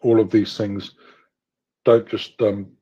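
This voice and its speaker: A man's voice: fairly low pitch, flat delivery, slow, warm tone. A man speaking in a live audio chat, upbeat and emphatic as he talks about a fundraiser. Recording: dull, lo-fi online audio.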